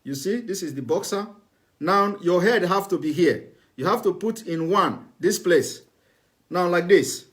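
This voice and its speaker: A man's voice: high-pitched, lively intonation, measured pace, a bit bright. A man giving a repetitive, instructive demonstration to viewers in a live broadcast. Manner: repetitive, instructive, plain spoken.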